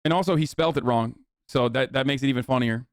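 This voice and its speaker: A man's voice: medium pitch, quick pace, no echo, studio quality. A man casually riffing as a streamer, reacting to posts with mocking, profane commentary.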